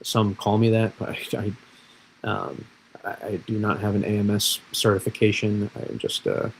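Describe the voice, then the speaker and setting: On a livestream, an amateur weatherman from Massachusetts rambles casually through forecast models, self-deprecating and restarting often. His voice is on the low side, creaky and a little mellow, and the rough recording carries a slight hiss or hum.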